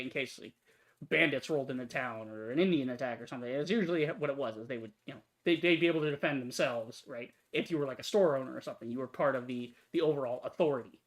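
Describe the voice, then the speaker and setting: Profane man ranting to camera. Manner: profane, repetitive "right?" tags, animated pitch jumps. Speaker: YouTube commentator. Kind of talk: ranting commentary. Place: home, late at night.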